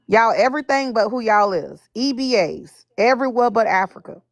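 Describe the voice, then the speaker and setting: A woman's voice: mid-range voice, moderate pace, few pauses, dry recording. Woman, caller, angry profane rant, phone mic, dry close sound. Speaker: caller on a live stream. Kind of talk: heated live-stream rant.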